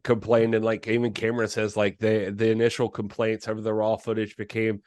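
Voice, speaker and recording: Male podcast co-host, halting and rambling, curses freely, dry close mic. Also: on the low side, monotone, a little mellow, no room sound. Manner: rambling, halting, lots of fillers and swearing. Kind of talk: casual film podcast chat.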